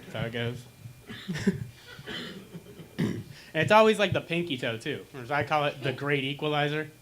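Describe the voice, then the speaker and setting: A young man on a small lounge stage doing stand-up into a handheld mic, his voice bright and a little high for a man. He tells dark jokes deadpan and now and then acts out pained groans. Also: normal speed. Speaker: stand-up comedian. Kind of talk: stand-up comedy set.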